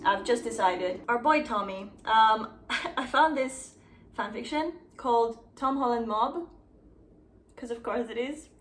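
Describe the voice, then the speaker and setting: A woman's voice: on the high side, reverberant. Sarcastic, swearing young woman. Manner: sarcastic, profane, laughing. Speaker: YouTuber. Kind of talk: comedic fanfiction reading.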